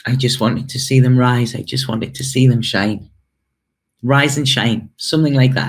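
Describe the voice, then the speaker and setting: A man giving an intuitive tarot and spirit reading to camera. He talks hesitantly, repeating words and stopping for emotional asides. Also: a little high. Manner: hesitant and repetitive, with many fillers and emotional asides. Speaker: tarot reader.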